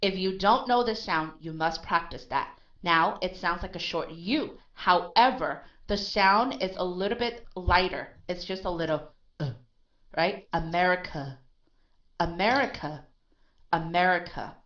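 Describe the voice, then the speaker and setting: A woman teaching English pronunciation, repeating words slowly and correcting her student, with Vietnamese as her first language. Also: lowish voice, a bit bright. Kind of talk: online pronunciation lesson. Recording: dull lo-fi sound.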